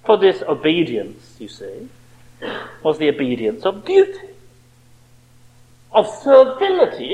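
A man's voice: high-pitched, wildly swooping pitch, moderate pace, a little mellow, poor audio. A man preaching a sermon with impassioned rhetorical questions.

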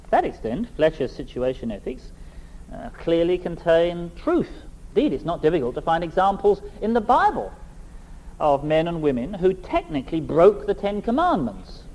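A middle-aged man preaching a sermon, reading scripture and then speaking in a measured, emphatic, rhetorical way. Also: on the high side, very animated, a little mellow, poor audio.

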